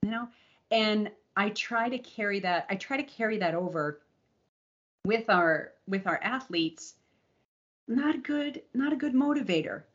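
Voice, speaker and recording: A woman co-hosting a podcast, telling a personal race story in a candid, animated way with frequent restarts and laughter. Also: medium pitch, unhurried, highs cut off. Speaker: podcast co-host and endurance coach. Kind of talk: casual storytelling chat.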